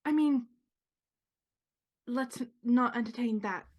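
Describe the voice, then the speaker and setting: A woman's voice: a little high, slow, darkish tone, slight background noise. A woman playing a character in a tabletop game, speaking hesitantly with many ums. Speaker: player. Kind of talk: tabletop role-play.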